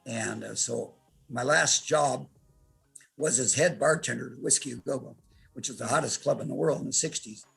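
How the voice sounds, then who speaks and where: A man in his eighties with a heavily gravelly, husky voice tells his stories brashly and with plenty of swearing. He talks as a guest on a podcast, with faint music underneath. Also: medium pitch, moderate pace. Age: 80s. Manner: brash, profane, animated storyteller. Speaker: interview guest, martial artist. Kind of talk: storytelling in a podcast interview.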